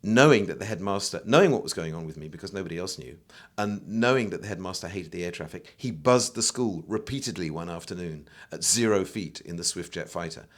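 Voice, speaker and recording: An older English man on a podcast, telling stories in an animated way and now and then singing a line. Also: sits low, brisk, hardly any pauses. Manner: animated storyteller, breaks into song. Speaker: guest, photographer and musician. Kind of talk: casual podcast chat.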